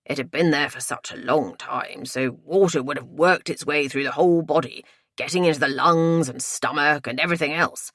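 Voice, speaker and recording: A woman's voice: sits low, normal speed, a bit bright, no echo, clean studio sound. A woman doing a bluff, hearty Englishman.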